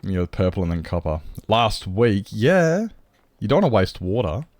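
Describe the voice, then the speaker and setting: A man with an Australian accent and a fairly low voice chats away as he plays, rambling and reacting to his viewers. The sound is dry and close. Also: fairly quick, darkish tone, no echo. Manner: rambling, reads and answers chat. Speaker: streamer. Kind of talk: casual chat while playing a game.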